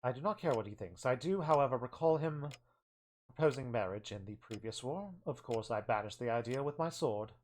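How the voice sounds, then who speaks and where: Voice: mid-range voice, animated, brisk, close to an everyday voice. A streamer reading lines as a stern, formal young female knight, speaking in stiff clipped sentences. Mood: curt. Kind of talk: playthrough voice reading.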